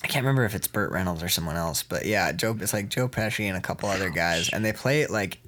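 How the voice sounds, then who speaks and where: A man's voice: deep voice, expressive, fast, fairly bright tone. A man in casual chat, telling rambling, profane stories about acting in a film and laughing often. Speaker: actor.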